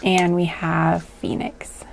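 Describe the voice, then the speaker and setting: A woman's voice: fairly low pitch, monotone, slow, vocal fry, slight background noise. A woman giving a casual pick-a-card tarot reading, rambling and hesitant, with many fillers and frequent laughs. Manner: rambling and hesitant, full of likes and ums, laughs often.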